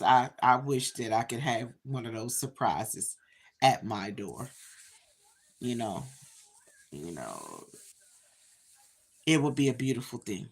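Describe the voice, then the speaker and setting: A woman in her fifties chatting casually to viewers on a livestream, talking straight to them with lots of "you know"s. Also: rumbling low. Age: 50s. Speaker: livestream host.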